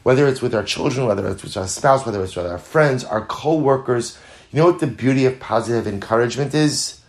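Speaking fairly quickly in a middle-range voice, an earnest Torah teacher explains Talmud to his class. Hebrew and Yiddish terms run through his explanations, and he hammers points home through repetition, at times climbing into lively, louder bursts.

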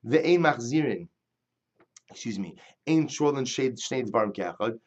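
A man's voice: medium pitch, lively intonation, unhurried, dull audio. A man teaching a Talmud lesson, reading the Hebrew and Aramaic text aloud and then explaining it in plain English. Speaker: Torah teacher. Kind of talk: Talmud class lecture.

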